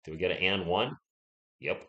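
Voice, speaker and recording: Heard through dull audio in an echoey room, a young stream host speaks at normal speed in a low voice. He's got a sore throat and sounds unwell, keeping quiet as he does casual play-by-play. He chats with viewers and answers them without shouting.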